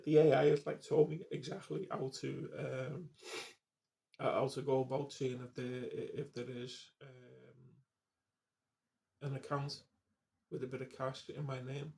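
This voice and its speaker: A man's voice: medium pitch, creaky, mellow. A man in his fifties, rambling casually, swearing and restarting his sentences. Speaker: vlogger.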